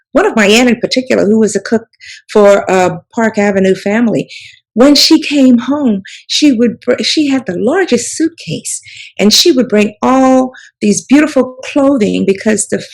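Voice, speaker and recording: A woman's voice: fairly high pitch, animated, moderate pace, gravelly, poor audio. Older woman, seventies, rambling storyteller, lots of fillers. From South Carolina Sea Islands. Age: 70s. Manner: rambling, filler-heavy, restarts with "you know". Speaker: author and storyteller guest. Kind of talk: reminiscing interview talk.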